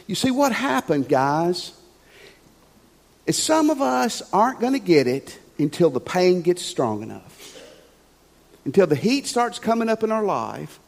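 A male pastor preaches, telling stories with a lot of drama and swinging from loud to hushed. His voice is high for a man and very lively in pitch. A long hall reverb trails every phrase. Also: measured pace, vocal fry. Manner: animated storytelling, swinging between loud and hushed. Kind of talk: sermon.

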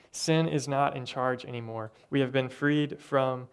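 A man's voice: mid-range voice, steady tone, a little slow, smooth. Man preaching in an earnest, conversational way. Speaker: pastor. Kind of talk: sermon.

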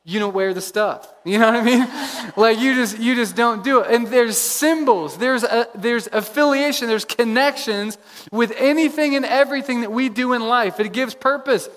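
A man preaching a sermon as pastor, energetic, repeating phrases for emphasis, in a church. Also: extremely high pitch, normal speed. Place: church sanctuary. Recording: long reverb of a large hall.

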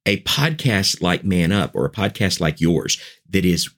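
Male podcast guest, preacher, very deep voice, earnest and persuasive. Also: sing-song, unhurried, a bit bright. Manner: earnest, persuasive, building points in lists. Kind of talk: conversational podcast talk.

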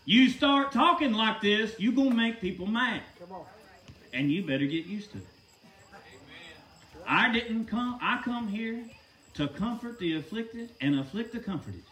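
A man's voice: very high voice, pushed and bright, roomy sound, far from the mic. A man preaching a sermon in an emphatic, folksy way, often asking the listeners rhetorical questions.

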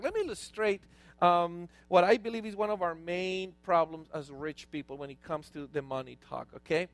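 A man, a pastor, preaching a lively sermon with stories and call-outs to the congregation. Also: high voice, dry recording.

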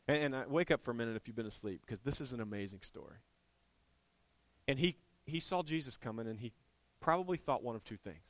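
A man preaching a sermon as a church pastor, storytelling with animated swings, climbing to fervent, near-shouted peaks. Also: medium pitch, no room sound. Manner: animated, rising to impassioned shouting.

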